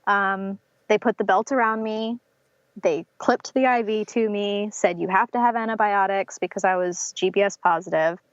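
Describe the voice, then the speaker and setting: A young woman from North Carolina recounts her experience to a podcast host. She fills her speech with "um" and "like" and slips into quoting others. The audio is dry and slightly muffled, at a middle pitch. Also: fairly even intonation, moderate pace, no room sound. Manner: many fillers like "um" and "like", acts out quotes of others. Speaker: podcast guest. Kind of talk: telling a personal birth story in an interview.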